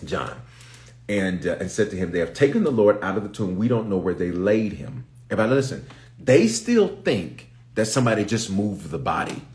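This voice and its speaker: A man's voice: on the low side, big pitch swings, a little fast, darkish tone. A man, a bishop, teaching from the Bible in an impromptu live stream, emphatic and repetitive, pleading with listeners to pay attention as he builds in intensity.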